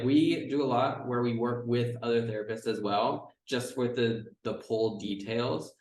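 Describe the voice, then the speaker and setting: A man, a chiropractor guest on a casual podcast, explaining in a relaxed way with frequent "like". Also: medium pitch. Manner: relaxed, explanatory, uses "like" often. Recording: roomy, distant mic.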